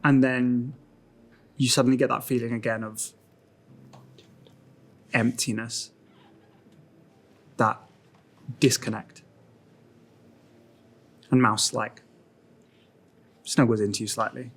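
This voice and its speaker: A man's voice: medium pitch, flat delivery, slow pace, pauses often. Casual man narrating a tabletop game. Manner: casual, filler-heavy narration. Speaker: game master.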